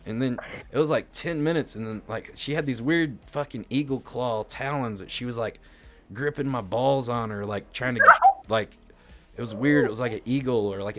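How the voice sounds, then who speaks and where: A man's voice: on the low side, fairly bright tone. Rambling, foul-mouthed male streamer. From Indiana, US. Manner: rambling and crude, full of fillers and swearing. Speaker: livestreamer. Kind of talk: casual storytelling on a live stream.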